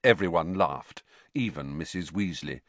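A man narrating an audiobook in an expressive storytelling manner. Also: low voice, moderate pace, dry recording.

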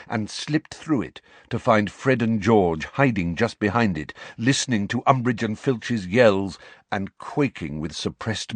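A man's voice: fairly low pitch, dry recording. A man narrating a storybook audiobook expressively and voicing every character himself. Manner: expressive, plays all characters.

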